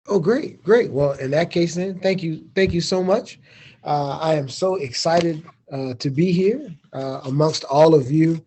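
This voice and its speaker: A man's voice: fairly high pitch, measured pace, mellow, husky. A middle-aged man from Chicago, a university president giving a casual keynote over a video call with informal, joking asides. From Chicago, Illinois. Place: remote, speaking over a video meeting.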